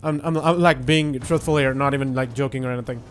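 A young man giving casual, excitable let's-play commentary while he plays, swearing and joking. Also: medium pitch, fast talker, crowd noise. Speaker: gaming YouTuber.

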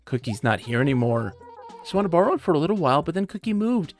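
A woman's voice: low voice, sing-song, fast, darkish tone, soft background music, voice pushed up. A woman voicing a sweet, motherly female bear villager in a video game, in a friendly and doting way.

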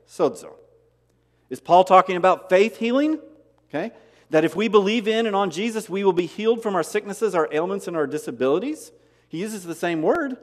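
Guy preaching a sermon, voice a bit high and swinging all over, long echo in the church hall. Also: brisk. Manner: animated preaching with rhetorical questions and emphatic repetition. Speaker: pastor. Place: church sanctuary.

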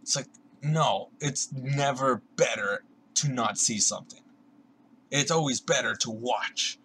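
A young man with a bright, forceful voice rants casually to the camera, sarcastic and full of swearing. He slips into mimicking other people's voices mid-rant. Faint ambient noise sits under the recording. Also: mid-range voice, a little slow, poor audio. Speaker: vlogger.

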